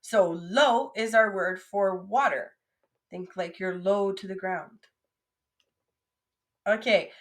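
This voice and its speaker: A young adult woman teaching a French vocabulary lesson, modelling each word slowly and coaxing her students to repeat after her. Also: medium pitch. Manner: slow, drawn-out modelling of each French word, then quick English asides.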